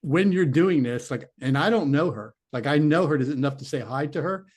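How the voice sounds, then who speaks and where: A man's voice: fairly high pitch, expressive, moderate pace, a little mellow. A middle-aged man, a former detective, telling a long personal story in an earnest, rambling way, acting out his own inner voice. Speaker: interview guest, former police detective turned psychic medium. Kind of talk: conversational storytelling.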